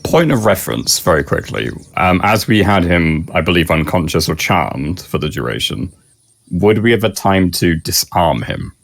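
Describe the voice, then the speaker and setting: A man's voice: deep voice, expressive, normal speed, gravelly, no echo. A man playing a tabletop game, talking in a blunt, dry way. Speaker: player.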